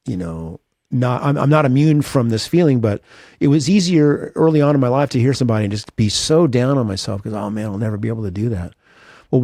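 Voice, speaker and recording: A man's voice: medium pitch, dark tone, no echo, clean studio sound. A man, a guitarist guest in an interview, talking earnestly and self-deprecatingly with lots of restarts. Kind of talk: reflective interview talk.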